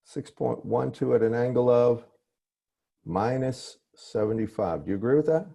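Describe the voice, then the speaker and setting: A man's voice: mid-range voice, normal speed, vocal fry, mellow, breathy edge. A man lecturing over a video call, often stopping to correct himself and apologize. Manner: apologetic, restarts and self-corrections. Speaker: professor. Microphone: computer mic on a video call.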